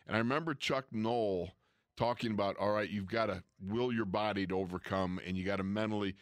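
Brief: ex-player co-host, lower-pitched man, animated raconteur, dry close mic. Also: brisk, no room sound. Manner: animated storyteller, acts out quoted coaches and players. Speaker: former pro football player, co-host. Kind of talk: casual storytelling chat.

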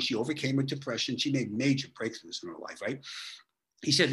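A man's voice: mid-range voice, animated, fast, a bit bright. A man, a guest on a podcast, telling his clients' case histories in a chatty way, often tagging sentences with "okay?". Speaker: guest, author and therapist. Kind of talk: storytelling in a podcast interview.

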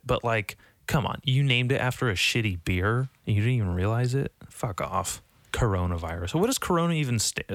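A young man talking casually to the camera in a rambling, profane, self-mocking way, jumping from topic to topic and now and then mocking panicked voices in a high squeak. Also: fairly bright tone, no echo, studio quality. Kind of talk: casual vlog monologue.

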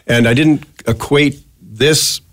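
A man in his sixties, a retired news anchor, telling lively anecdotes as a studio interview guest. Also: mid-range voice, slow, dry recording. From Canada. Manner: chatty, animated anecdotes, acts out quotes. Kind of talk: relaxed storytelling in a studio interview. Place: podcast studio.

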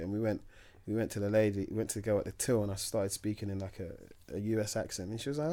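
A man in casual chat, talking with enthusiasm in slang and pausing to recall things. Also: fairly low pitch, fairly even intonation, warm tone, a little hiss or hum.

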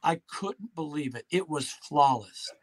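Middle-aged man, high-pitched, animated anecdote teller. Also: measured pace, a little hiss or hum. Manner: animated storyteller who acts out quotes. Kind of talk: casual chat.

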